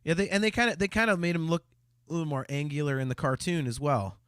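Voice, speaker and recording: A man's voice: a little high, fast talker, a bit bright, clean tone, no room sound, clean studio sound. A man co-hosting a casual fan podcast, often restarting his sentences and reading out viewer comments. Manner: hesitant, stammering restarts, reads viewer comments. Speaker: podcast co-host. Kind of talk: casual chat.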